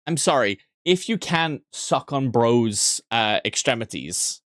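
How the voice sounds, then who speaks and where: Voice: mid-range voice, lively intonation, slow pace, fairly bright tone, dry recording, studio quality. A streamer chatting casually with viewers, joking crudely, swearing often and rambling through restarted sentences. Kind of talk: casual livestream chat with viewers.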